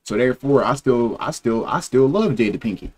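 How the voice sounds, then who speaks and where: A man's voice: medium pitch, animated, brisk. A young man in his twenties streaming, reacting in loose, joking chat full of slang.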